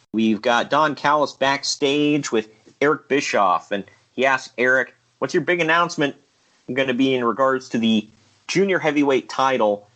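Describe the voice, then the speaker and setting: A man's voice: fairly high pitch, fairly bright tone. A man giving a casual play-by-play recap of wrestling matches in an easygoing way. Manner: easygoing, laughs at his own bits, occasional uh fillers. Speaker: show host recapping a figure wrestling league.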